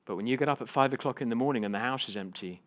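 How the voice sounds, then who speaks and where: A man giving a motivational keynote to a live audience, telling personal stories with big swings between hushed and loud delivery. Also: medium pitch, rapid-fire. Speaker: keynote speaker. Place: conference stage before a live audience.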